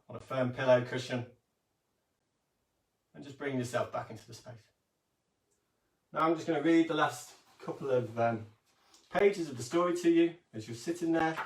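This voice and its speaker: A man gently guiding a yoga and breathing session and reading a story aloud. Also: medium pitch. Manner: calm, gentle instructions with soft hums. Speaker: yoga teacher. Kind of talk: guided kids' yoga and storytelling. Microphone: camera mic at a distance. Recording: roomy, distant camera mic.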